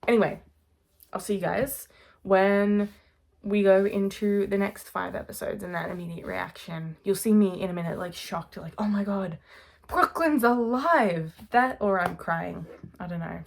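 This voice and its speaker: A young adult woman rambling excitedly in a casual reaction vlog, gushing over a TV series. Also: fairly low pitch, normal speed, creaky.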